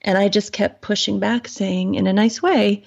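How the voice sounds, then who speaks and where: A woman's voice: medium pitch, moderate pace, vocal fry, lo-fi sound. A woman guest in a casual podcast conversation, telling stories with feeling and acting out what other people said. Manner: animated storyteller acting out quoted voices.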